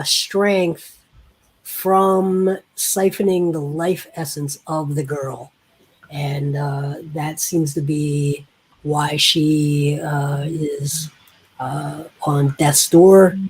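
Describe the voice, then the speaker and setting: A woman narrating as game master, unhurried and hesitant, with many fillers. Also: low-pitched, darkish tone, slightly rough, low-quality recording.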